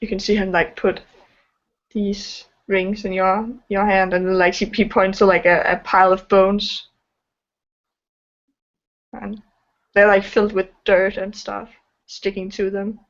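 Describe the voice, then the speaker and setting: A woman's voice: medium pitch, flat delivery, unhurried, long pauses. A woman narrating as game master of a tabletop game, hesitant and full of fillers. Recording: dull lo-fi sound.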